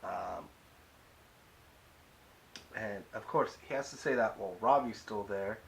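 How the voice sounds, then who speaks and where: A man's voice: lowish voice, measured pace, vocal fry, a little hiss or hum, poor audio. A young man recapping a TV episode in a casual, rambling way, full of fillers and wry offhand asides. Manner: rambling, hesitant, many fillers. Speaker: YouTube recap reviewer.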